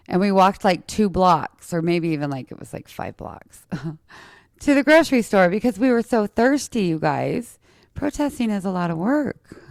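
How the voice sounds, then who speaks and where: Chatty woman with a lisp, gravelly. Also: lowish voice, a little mellow, no room sound, clean studio sound. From Utah, USA. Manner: chatty, talks straight to listeners. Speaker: podcast host. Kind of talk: casual personal storytelling.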